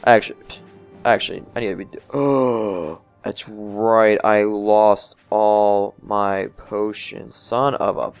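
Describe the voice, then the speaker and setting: A young man giving casual, excitable commentary over a video game, swearing and talking to his viewers. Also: fairly low pitch, takes it slowly, clear, resonant tone, faint music behind. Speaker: let's play gamer.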